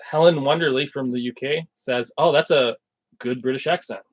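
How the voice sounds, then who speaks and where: A man with an ordinary mid-range voice co-hosts a live stream. He reads viewer questions and reminders in a plain, relaxed way. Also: mid-range voice, normal speed, low-quality recording. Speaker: co-host reading viewer questions.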